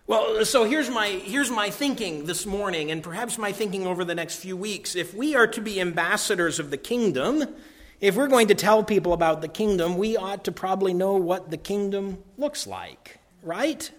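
Emphatic preacher man, slightly high voice. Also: animated, moderate pace. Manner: emphatic, repeats key phrases, swings from loud to hushed. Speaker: pastor. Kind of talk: sermon.

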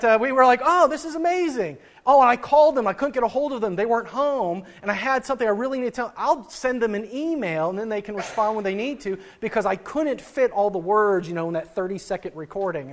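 High-voiced man preaching a casual sermon. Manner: conversational, laughs at own stories, frequent restarts. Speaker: pastor.

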